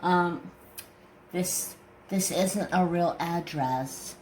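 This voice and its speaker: A dismissive post office clerk lady, flat and short with the customer, as a man puts her on in passing. The voice sits fairly high and stays his own. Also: very slow, slight background noise, poor audio.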